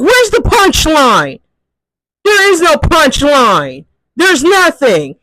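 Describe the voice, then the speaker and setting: A man's voice: very high-pitched, big pitch swings, slow pace, pushed and bright, no room sound, poor audio. A man ranting in a profane, exasperated movie commentary, firing off rhetorical questions. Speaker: commentary youtuber.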